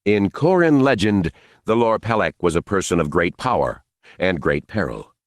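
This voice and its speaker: Deep-voiced male audiobook narrator. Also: expressive, normal speed, no room sound, studio quality.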